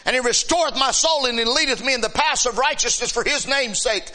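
High, bright-voiced shouting preacher man. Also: brisk. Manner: impassioned, shouting preaching with sudden drops to soft speech. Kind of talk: sermon.

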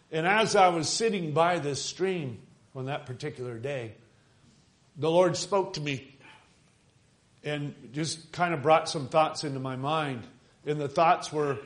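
A man preaching a fervent sermon, swinging between soft low asides and loud exhorting bursts, repeating phrases and asking the congregation questions.

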